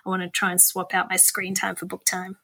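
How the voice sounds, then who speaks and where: Bright-voiced woman hosting a podcast. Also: lowish voice, monotone, vocal fry, husky. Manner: enthusiastic, quick affirmations. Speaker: podcast host. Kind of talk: casual interview chat.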